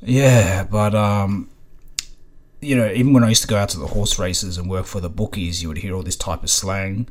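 A man's voice: low voice, fairly even intonation, moderate pace. A man with an Australian accent, hosting a podcast and telling stories in a loose, rambling way, swearing casually and leaning on fillers like "you know what I mean". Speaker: podcast host. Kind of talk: casual storytelling monologue.

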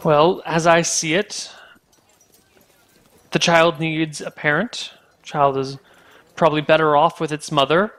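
A man voicing a cautious male knight who gives calm, deliberate counsel. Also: on the high side. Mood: measured.

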